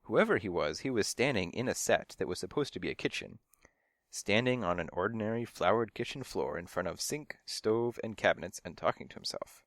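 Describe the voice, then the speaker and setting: Man, audiobook narrator, wry hard-boiled detective read, lowish pitch, very dry sound. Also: expressive, brisk, dry recording. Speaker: audiobook reader. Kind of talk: first-person detective narration.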